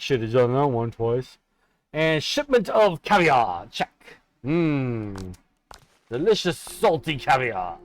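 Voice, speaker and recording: A man narrates his own run through a horror game for a live stream, with a lively voice that swings freely up and down. His delivery is playful, slipping into mock-dramatic asides to himself. Quiet game music plays under him. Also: medium pitch, slow pace, no room sound. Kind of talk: live gameplay commentary.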